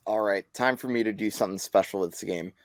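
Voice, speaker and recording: A man's voice: fairly low pitch, fast talker, dry recording, natural voice. A man putting on a British accent to play a pompous mock broadcast correspondent on a sports podcast. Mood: hammy. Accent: put-on British. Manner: hammy, theatrical, swooping delivery. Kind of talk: podcast sports picks bit.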